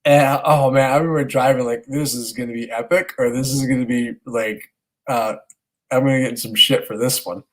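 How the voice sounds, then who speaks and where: Man, 30s, podcast co-host, casual storytelling, rambling, animated, swears casually, mid-pitched voice. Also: moderate pace, low-quality recording.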